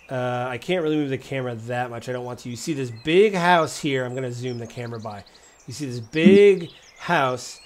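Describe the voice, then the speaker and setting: A man running a tabletop game as game master, describing scenes casually with many fillers. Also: medium pitch. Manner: casual, rambling, frequent fillers and laughs.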